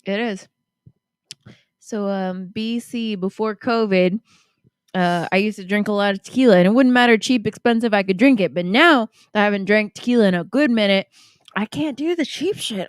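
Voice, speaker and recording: A woman's voice: medium pitch, moderate pace, clear, resonant tone, no room sound, clean studio sound. A drunk woman chatting casually on a podcast, giggling and rambling into a handheld mic. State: tipsy, drunk. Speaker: guest reader.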